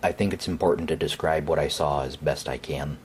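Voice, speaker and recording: A man narrating a first-person horror story in a hesitant, conversational way, with fillers and pauses. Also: very deep voice, steady tone, slight background noise.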